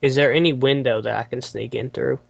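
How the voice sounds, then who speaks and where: Player, male, monotone brief answers, dull dry recording. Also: medium pitch, a little fast, gravelly, dry recording. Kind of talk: casual tabletop play. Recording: dull lo-fi sound, dry room.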